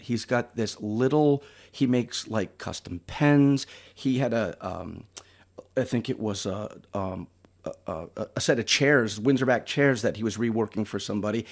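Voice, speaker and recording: A man's voice: medium pitch, darkish tone. A man hosting a podcast, telling anecdotes in a chatty way and acting out the people he quotes. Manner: chatty storyteller, acts out quoted voices. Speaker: podcast host. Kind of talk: casual podcast conversation.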